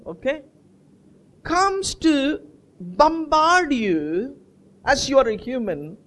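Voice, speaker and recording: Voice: high voice, fairly bright tone. A preacher delivering a sermon, asking the congregation questions and answering them, and repeating key words for emphasis. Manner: call-and-response questions to the congregation; slow, stretched phrasing.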